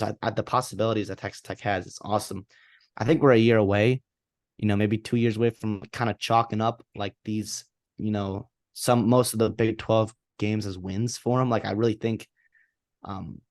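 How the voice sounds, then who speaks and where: Low-voiced man, casual sports podcast chat. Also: no room sound, clean studio sound. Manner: rambling with frequent restarts. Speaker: podcast co-host.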